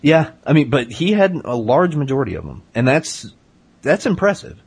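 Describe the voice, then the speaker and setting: A man hosting a casual comedy chat, rambling through deadpan tall tales with lots of hesitant fillers. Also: fairly high pitch, normal speed, vocal fry, husky. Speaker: podcast host.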